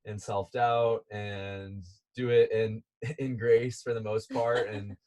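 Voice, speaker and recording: A man telling a long outdoor story as a podcast guest, relaxed and chatty, laughing now and then. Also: lowish voice, takes it slowly. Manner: animated, laughing as he tells a climbing story. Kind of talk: casual storytelling.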